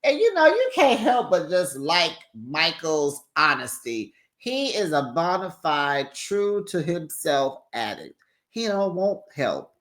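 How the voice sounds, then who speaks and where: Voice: big pitch swings, takes it slowly, fairly bright tone. Sassy, chatty Bay recap host. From San Francisco Bay Area. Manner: chatty and sassy, with big pitch jumps. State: tired. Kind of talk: casual recap commentary.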